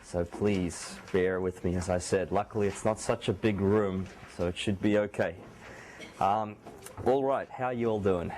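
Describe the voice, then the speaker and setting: Soft-spoken male lecturer with a sore throat. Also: sits low, unhurried, slight background noise. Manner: speaks softly, not loudly; relaxed, joking asides to students. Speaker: university lecturer. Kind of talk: classroom lecture. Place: small lecture room.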